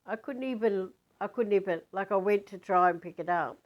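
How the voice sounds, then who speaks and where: A woman's voice: mid-range voice, fairly quick, muffled recording. A woman telling a spiritual story in a chatty, rambling way, with many fillers and restarts.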